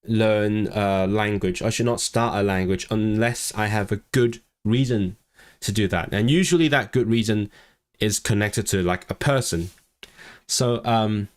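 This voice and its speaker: A low-voiced man streaming about language learning rambles through casual livestream chat, cutting himself off and repeating words. The recording is dry.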